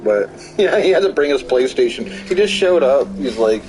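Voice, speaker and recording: A man's voice: medium pitch, big pitch swings, normal speed, darkish tone, rough recording. A man streaming a game, chatting casually in a rambling, storytelling way and swearing freely. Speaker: gaming streamer. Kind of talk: casual chat while gaming. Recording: music playing behind voice. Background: game music.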